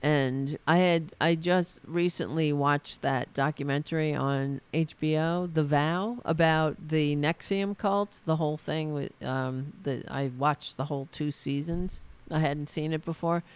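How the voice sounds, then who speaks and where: His voice is fairly high, steady and clean as he hosts a political commentary show by himself. The rant is angry, sarcastic and profane, delivered haltingly with frequent restarts and fillers.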